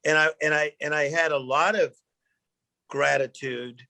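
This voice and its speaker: A middle-aged man, a guest speaker, telling animated personal stories in a chat and acting out the quotes. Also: fairly high pitch, moderate pace, creaky. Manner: animated storyteller, acts out quotes, emotional. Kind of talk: storytelling interview chat.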